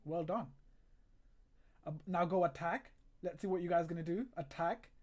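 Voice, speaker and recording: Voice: mid-range voice, normal speed, a little mellow. A livestream host in casual live commentary, exasperated and sarcastic, often breaking into laughter and reading viewer comments aloud. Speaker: livestream host of a football watchalong.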